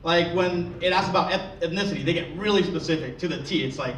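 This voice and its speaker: High-voiced man doing crude stand-up. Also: fast, few pauses, fairly bright tone, slight background noise. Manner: crude, self-deprecating storytelling with frequent swearing. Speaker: stand-up comedian. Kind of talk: stand-up routine. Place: live comedy venue with audience. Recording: echoey room, distant mic, crowd laughter.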